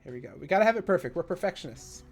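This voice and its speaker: A man live-streams a park-building game, chatting casually and rambling into side stories as he builds, breaking into sudden excitable bursts. His voice is high-pitched and rapid-fire, with soft music in the background.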